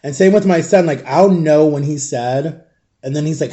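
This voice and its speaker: Chatty man with a mellow, higher voice. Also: moderate pace. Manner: chatty, rambling, frequent "like" and "guys". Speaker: vlogger. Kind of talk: casual storytelling to camera.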